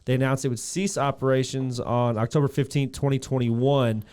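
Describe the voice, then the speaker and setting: A man on a podcast shares trivia in a casual tone and throws in edgy jokes. His voice is clear and smooth. He sounds relaxed, like he is chatting with a friend. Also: mid-range voice, normal speed. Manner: joking, reads out background facts. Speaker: podcast co-host.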